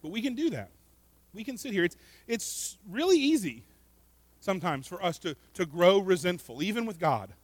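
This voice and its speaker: A man preaching a sermon in an earnest way, often repeating words and swinging between loud emphasis and quiet asides. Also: sits high, big pitch swings, normal speed, no room sound. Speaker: pastor.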